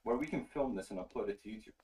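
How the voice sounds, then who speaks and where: A man's voice: lowish voice, racing, darkish tone, far from the mic, rough recording. A young man calling into an online debate, casual and slangy, pressing his point insistently. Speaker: caller joining a debate. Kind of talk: online voice chat.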